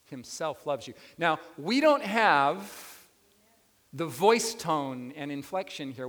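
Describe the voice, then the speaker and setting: A man preaching a sermon as pastor, animated and often putting questions to his listeners. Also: fairly high pitch. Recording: long reverb of a hall.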